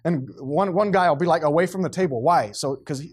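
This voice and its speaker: A man's voice: fairly high pitch, brisk, slightly rough. Emphatic man preaching. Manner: blunt, emphatic preaching, grows loud and animated. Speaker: pastor. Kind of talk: sermon.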